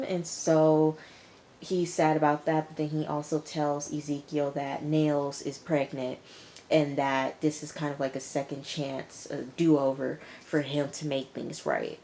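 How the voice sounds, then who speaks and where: Low-voiced woman recapping a tv episode, chatty, talks back at the characters. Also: steady tone, slow, warm tone, slight background noise. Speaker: TV episode reviewer.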